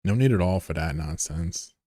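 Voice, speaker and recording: A man's voice: low voice, animated, moderate pace, dark tone, dry recording, clean studio sound. A man leading an online game fleet on a live stream, talking casually in a rambling, joking way with plenty of swearing into his desk mic. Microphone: desk microphone.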